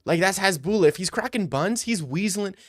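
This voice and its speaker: A man's voice: high-pitched, lively intonation, brisk, dry recording, clean studio sound. A young man rambling through crude comedic riffs, laughing as he goes.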